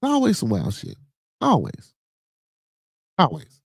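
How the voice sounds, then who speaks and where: A man with a Chicago accent hosting a casual podcast live stream, reacting to chat comments in a loose, animated, profane way. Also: mid-range voice, fairly quick, dry recording, studio quality. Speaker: podcast host.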